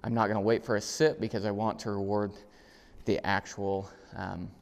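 Speaking at normal speed with vocal fry, a man casually explains dog training indoors in his house, punctuating it with bursts of high, loud, upbeat commands to his dog. The audio carries a big-room sound.

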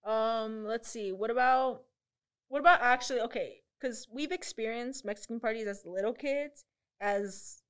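A woman's voice: fairly high pitch, moderate pace, fairly bright tone, clear, resonant tone. A young adult woman hosting a casual podcast chat, eager and chatty as she steers the talk to new topics. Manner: eager, chatty, leads the conversation. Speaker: podcast host leading topics.

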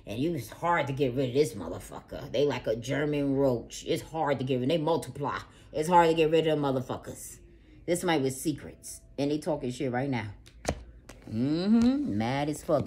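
A woman with a low-pitched voice gives a casual tarot reading straight to camera. She curses freely, dropping to quiet murmurs and then rising into loud, heated rants. A faint hum of noise sits behind her. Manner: profane, swings from low murmurs to loud ranting. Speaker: tarot reader.

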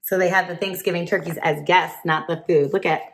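Woman, teacher, picture-book read-aloud, chatty, asks questions, lower voice. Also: steady tone, a little fast. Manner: chatty, asks listeners questions, laughs often. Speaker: teacher reading to children.

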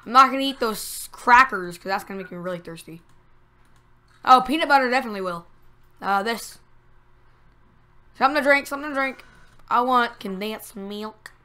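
A woman giving casual let's-play commentary from a home setup, talking to the game and bursting into squeals and groans. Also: a little high. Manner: excitable, talks to the game, sudden squeals and groans. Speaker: gameplay commentator.

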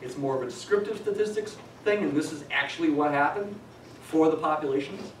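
Middle-aged male teacher, chatty and wry, slightly high voice, faint room noise. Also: fairly quick. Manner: chatty, digressive, dry humor. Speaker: statistics lecturer. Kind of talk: classroom lecture. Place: lecture classroom. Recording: echoey classroom from a distance.

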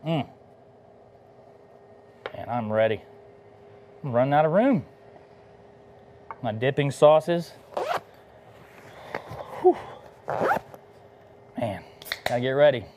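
Laid-back pitmaster, eating on air. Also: male voice, mid-range voice, lively intonation, slow, pauses often, noisy background. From Texas. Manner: laid-back and enthusiastic, talking between bites. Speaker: barbecue pitmaster hosting a cooking livestream. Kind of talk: casual live cooking demo chat.

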